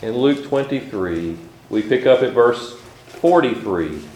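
A man preaching a sermon, reading scripture aloud slowly and measuredly between his own remarks. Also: mid-range voice, animated, darkish tone, slight background noise. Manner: reads scripture aloud in old-style wording, slow and measured. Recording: echoey room.

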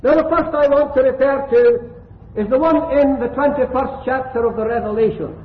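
A man's voice: very high voice, normal speed. An older man from Scotland preaching a gospel hall sermon, fervent and rhythmic, with repeated phrases. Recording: echoey hall over a tinny lo-fi line.

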